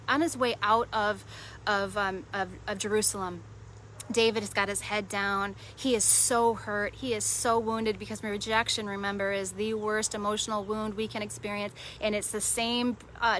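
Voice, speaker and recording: A woman's voice: medium pitch, a bit bright, slight background noise. A woman preaching a devotional sermon in an earnest way, repeating short phrases for emphasis.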